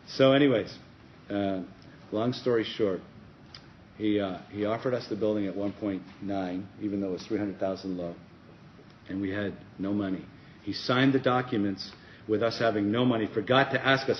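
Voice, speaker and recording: A middle-aged man, a pastor speaking at a conference breakout session, telling a story and acting out the dialogue with lively energy. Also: on the low side, a little fast. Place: conference room. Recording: dull lo-fi conference recording with faint hiss.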